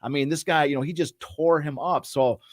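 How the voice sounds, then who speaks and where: A man's voice: a little high, normal speed, no echo, studio quality. A man in casual podcast chat, enthusiastic and full of restarts. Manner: enthusiastic, many restarts and fillers. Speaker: podcast co-host, screenwriter. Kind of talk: casual chat, reading a screenplay aloud.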